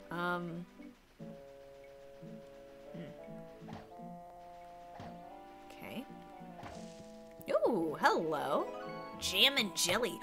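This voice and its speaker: A woman's voice: lowish voice, big pitch swings, drawn-out words, pauses often, over music. A woman streamer chatting casually through a game, chatty and exclamatory with frequent giggles.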